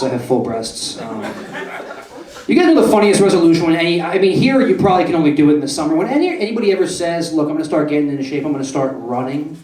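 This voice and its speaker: A man's voice: medium pitch, far from the mic. Brash young man doing stand-up, roomy echo. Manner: profane, brash, keeps asking the crowd "right?". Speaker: stand-up comedian. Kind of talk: stand-up comedy set. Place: comedy club stage. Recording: roomy club echo, voice off-mic.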